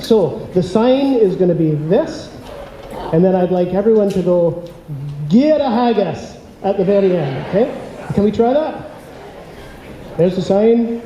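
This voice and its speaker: Man, Scottish accent, declamatory recitation, high voice, roomy hall echo. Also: warm tone, dull audio, slight background noise. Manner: rolling, declamatory delivery with audience cues. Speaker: after-dinner speaker reciting a poem. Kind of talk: theatrical poetry recitation and audience address. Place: banquet hall at a dinner event.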